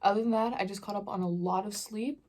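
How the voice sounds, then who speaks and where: A woman's voice: mid-range voice, steady tone, fast talker, a little mellow. A young woman vlogger chatting casually in slangy storytelling while she eats on camera. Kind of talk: casual mukbang Q&A chat.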